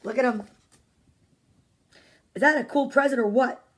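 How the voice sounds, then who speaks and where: A high-voiced woman reads kids' storybooks on a live stream from her home at normal speed. Playful and chatty, she calls out viewers by name between pages and gets excited about the illustrations.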